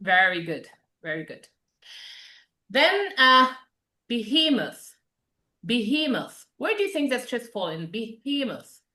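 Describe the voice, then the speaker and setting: A woman teaching an English vocabulary class, patient and quick with praise as she explains words. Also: on the high side, big pitch swings, sharp tone, reverberant.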